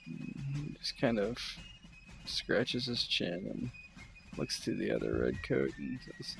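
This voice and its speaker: Slow gravelly male game master. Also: medium pitch, slight background noise. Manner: relaxed, loose narration with fillers. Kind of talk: narrating a tabletop game.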